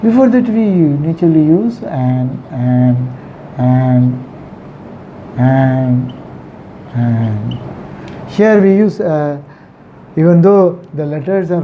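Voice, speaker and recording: A man gives a grammar lesson at a slow, deliberate pace, saying important words over and over. The recording sounds slightly dull, with faint passing traffic in the background. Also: fairly high pitch. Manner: slow and repetitive, stresses and repeats key words. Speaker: English teacher.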